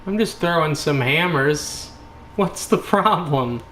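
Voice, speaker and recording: A man's voice: fairly high pitch, animated, slow pace, fairly bright tone, echoey room, slight background noise. A man giving joking let's play commentary, goofy and playful, slipping into silly voices. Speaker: gamer.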